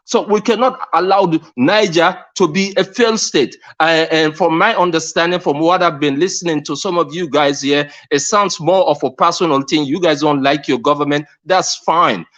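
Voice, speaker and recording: This impassioned call-in comes from a Sierra Leonean man whose accent marks his origin. His voice is on the high side and a bit bright, and he speaks earnestly and emphatically, repeating phrases and stopping on fillers.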